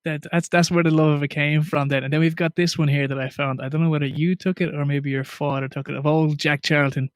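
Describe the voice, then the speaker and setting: Higher-voiced Irish podcast host, dry sound. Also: male voice, little pitch movement, quick pace, few pauses, dry recording. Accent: Irish, West Cork. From Ireland. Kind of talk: casual chat.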